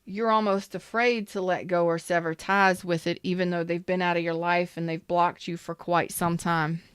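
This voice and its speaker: A woman's voice: fairly low pitch, level tone, moderate pace, clean tone, no echo, clean studio sound. A woman doing a casual tarot reading, talking straight to her viewers with emphatic repetition. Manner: emphatic, repeats herself, talks straight to viewers. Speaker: tarot reader.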